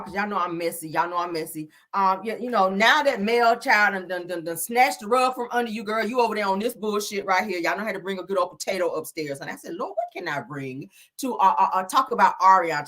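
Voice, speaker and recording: A woman hosting a gossip show, talking in a sassy, animated way, full of "honey" and "child" and swearing. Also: mid-range voice. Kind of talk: casual gossip commentary.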